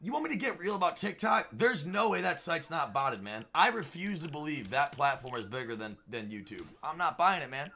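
A young man streaming a game, trash-talking and yelling in casual banter. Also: on the high side, lively intonation, a little fast, hardly any pauses. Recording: noisy game voice chat.

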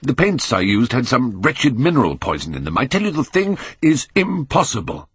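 A man's voice: medium pitch, big pitch swings, a little fast, fairly bright tone, husky, no echo, voice pushed up, heavily acted. A man reading an anguished middle-aged male painter in an audiobook, pleading and aghast, rising to cries. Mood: shaken.

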